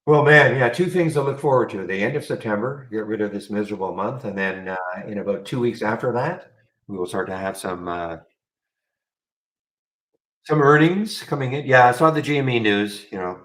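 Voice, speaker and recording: A man's voice: medium pitch, normal speed, fairly bright tone, poor audio. A man hosting a live trading room, chatting loosely and wryly to viewers as he reads market news. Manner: rambling, wry, talks to chat viewers.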